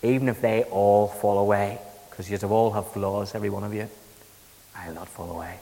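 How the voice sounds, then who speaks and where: Brash blurting fisherman guy, loud, echoey, as a preacher puts him on. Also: lowish voice, steady tone, fairly quick, voice pushed down, lightly acted. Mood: boastful. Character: blustering impulsive fisherman apostle, man.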